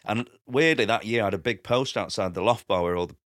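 A man's voice: on the low side, fast talker, dry recording, clean studio sound. A man, telling stand-up stories in a casual podcast chat, acting out quotes and laughing often. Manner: animated storyteller, acts out quotes, laughs often. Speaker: comedian guest.

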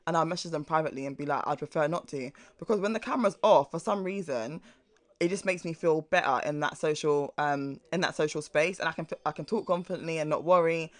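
Brisk, lively young man. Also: fairly high pitch. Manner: animated, laughs often, swears casually. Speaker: podcast co-host. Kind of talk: casual chat.

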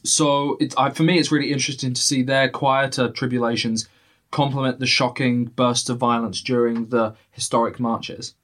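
A man hosting a casual film review, measured and thoughtful, steering the talk. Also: medium pitch, little pitch movement, a bit bright.

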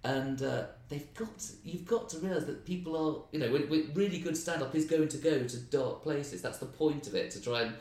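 A man with an English accent, a stand-up comedian telling animated, ranting stories in a casual interview chat. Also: on the high side, normal speed, hardly any pauses. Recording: roomy, distant mic.

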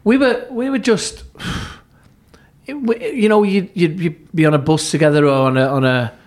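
A middle-aged man, a former football club therapist, tells stories as a podcast guest. He acts out quoted lines, often restarts his sentences and turns low and hushed at tense moments. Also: unhurried. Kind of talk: anecdotal storytelling in an interview.

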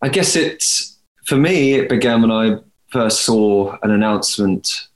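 A man's voice: lowish voice, expressive, a little slow. A young actor talking about his career in a podcast interview, rambling and correcting himself as he goes. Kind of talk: conversational interview. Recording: roomy echo.

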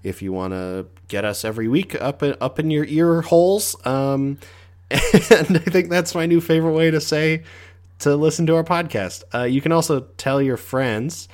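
A man co-hosting a casual movie review podcast, talking in a relaxed, thoughtful way with the odd swear. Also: on the high side, normal speed. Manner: relaxed, thoughtful, lightly profane. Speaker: podcast co-host.

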